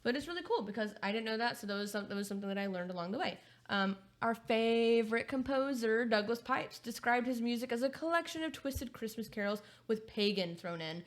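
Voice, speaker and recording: A woman with an American accent, co-hosting a podcast in casual chat, chatty and quick to laugh. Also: a little high, animated. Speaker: podcast co-host.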